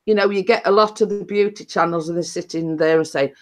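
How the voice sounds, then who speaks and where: A woman's voice: on the low side, quick pace. A woman being interviewed in a casual chat, speaking plainly and often asking "you know what I mean". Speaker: interview guest.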